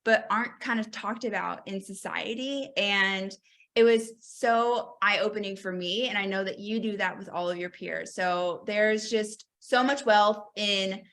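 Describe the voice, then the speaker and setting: Bright-voiced woman hosting a webinar. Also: mid-range voice, unhurried. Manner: warm, encouraging, uses "you know" often. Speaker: webinar host. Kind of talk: webinar moderation.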